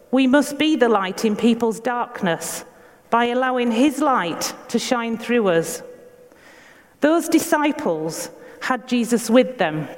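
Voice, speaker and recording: A woman with a Yorkshire accent giving an earnest, measured sermon in a church, asking her listeners questions. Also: a little high, in a large hall. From Yorkshire, England. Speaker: preacher.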